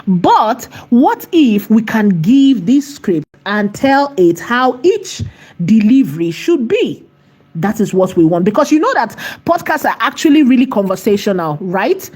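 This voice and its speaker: A woman hosting a screen-share tutorial, chatty and emphatic, often repeating phrases and checking in with "right?", slowing down to dictate as she types. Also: on the high side, sing-song, a little mellow, slightly rough. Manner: slows to dictate while typing. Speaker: AI tutorial host.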